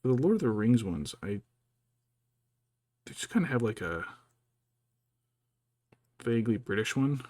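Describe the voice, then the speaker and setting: A man's voice: medium pitch, big pitch swings, a little slow, long pauses, darkish tone, no echo, studio quality. A man chatting casually as he paints miniatures, thinking aloud and muttering to himself. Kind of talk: casual chat while working.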